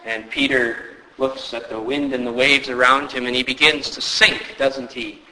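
A man preaching a sermon, often asking rhetorical questions and rising sharply in pitch for emphasis. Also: little pitch movement, moderate pace, bright, forceful tone, long reverb tail, poor audio. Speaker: pastor.

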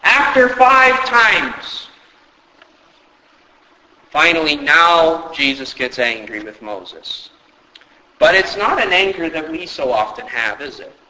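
A man preaching a sermon, often asking rhetorical questions and rising sharply in pitch for emphasis. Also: animated, measured pace, pushed and bright, big-room sound, poor audio. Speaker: pastor.

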